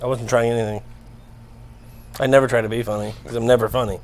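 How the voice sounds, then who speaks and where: A man's voice: medium pitch, flat delivery, quick pace. A man co-hosting a casual comedy chat, dropping sardonic one-liners. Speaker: co-host.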